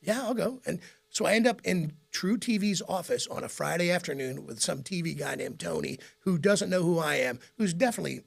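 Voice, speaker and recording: A middle-aged man with a gravelly, raspy voice, a radio host telling rambling stories in a casual interview and laughing often. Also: on the high side, fairly quick, hardly any pauses. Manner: rambling, animated anecdotes with frequent laughs.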